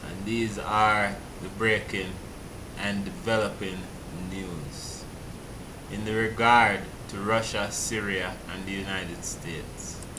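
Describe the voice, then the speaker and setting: A man's voice: on the low side, steady tone, takes it slowly, noisy background. A man, chatting casually as a vlog host reacting to a clip, laid-back and amused.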